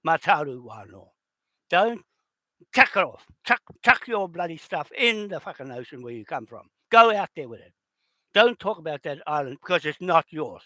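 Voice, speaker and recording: A man in an unscripted rant, heated and accusatory, swearing and often shouting. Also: fairly high pitch, animated, moderate pace, no room sound. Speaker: video host.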